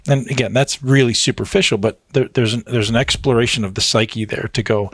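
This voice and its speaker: A man's voice: mid-range voice, steady tone, fast talker, hardly any pauses, no room sound. A man in a casual podcast conversation, talking emphatically, swearing freely and acting out what people say to themselves. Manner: emphatic, swears freely, acts out inner voices. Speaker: fitness coach being interviewed.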